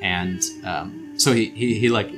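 Laid-back male game master, lowish voice. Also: unhurried, over music. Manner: laid-back, hesitant, many ums. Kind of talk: narrating a tabletop game.

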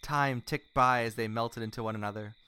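A man reading a romance story aloud in a hushed, mock-earnest way. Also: mid-range voice, fairly even intonation, brisk, clean tone. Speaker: reader of a fan story.

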